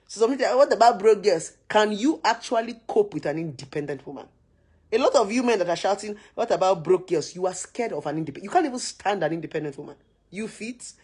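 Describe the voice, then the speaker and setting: A woman with a Nigerian accent delivers an opinionated rant straight to camera. Her voice is husky and a little breathy. She hammers her points home with repeated rhetorical questions and a preachy, forceful delivery. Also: mid-range voice. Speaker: social media commentator.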